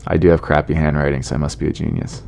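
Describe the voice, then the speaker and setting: A man's voice: extremely low pitch, flat delivery, very fast, vocal fry, a little mellow, soft background music. A man, a comedian hosting his podcast, chatting casually in a rambling, self-deprecating way with asides to his listeners.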